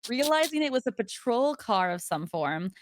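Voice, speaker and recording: A woman hosting a podcast, reading listener stories aloud and chatting casually in an animated storytelling manner. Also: a little high, moderate pace, no room sound, studio quality. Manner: animated storyteller who acts out voices in quotes. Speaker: podcast host.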